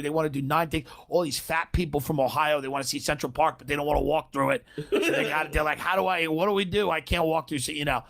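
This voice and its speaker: A man spins a comic story on a podcast in a brash, profane way, full of quick asides. His voice sits somewhat high for a man. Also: vocal fry, fairly bright tone. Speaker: comedian telling a story.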